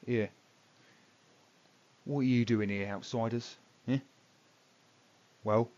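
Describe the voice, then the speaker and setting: A man's voice: mid-range voice, steady tone, slow pace, a little mellow, natural voice. A man voicing a greasy, cocky male thug boss who sneers and bullies, and trips over his words. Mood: sneering. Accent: northern city accent of the game world. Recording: dull lo-fi recording.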